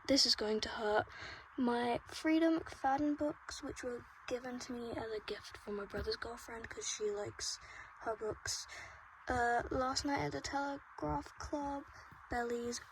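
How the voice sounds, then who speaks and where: At home, a young book vlogger chats casually through a reading vlog, emotional and swearing freely as she drifts from soft murmurs to excited outbursts. Her voice sits a little high, with a faint hiss or hum in the recording.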